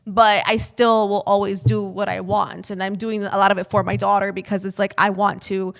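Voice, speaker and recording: A woman in radio chats casually on a podcast. Her voice sits at a middle pitch. She is blunt and quick to joke, with plenty of swearing and "like" fillers. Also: flat delivery, gravelly. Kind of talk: casual chat.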